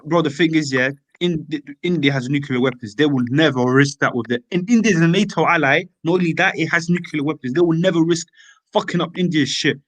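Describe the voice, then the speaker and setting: Fast-talking young man. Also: a little high, dry recording. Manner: animated, slangy, repeats filler tags. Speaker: open mic speaker. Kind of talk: casual chat.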